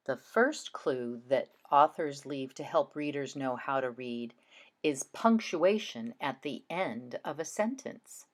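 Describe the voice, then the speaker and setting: A woman with a low voice teaches children to read in a recorded lesson, demonstrating reading aloud. She speaks with deliberate, expressive care.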